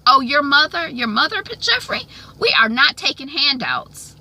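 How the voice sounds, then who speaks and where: A woman's voice: sing-song, moderate pace, bright, forceful tone, exaggerated voice. A woman voicing a pushy, domineering middle-aged mother who nags and scolds. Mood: bossy. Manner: bossy, nagging and shrill.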